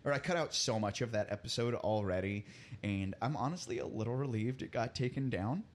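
Against some background noise, a medium-pitched man hosts a podcast at a fairly quick clip, chatting casually, telling stories, and laughing frequently.

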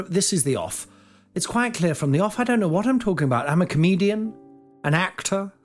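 A man in his forties rambles through a comic podcast monologue, giggling at himself. His pitch swings widely as he goes, and faint music plays beneath him. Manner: self-mocking, giggly, lively swings in pitch. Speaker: podcast host, comedian.

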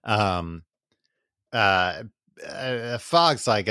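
A young adult man co-hosting a podcast, rambling through a book's plot and tossing off quick character voices. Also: on the low side, lively intonation, a bit bright, dry recording, studio quality. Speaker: podcast co-host. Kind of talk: casual chat, recapping a book.

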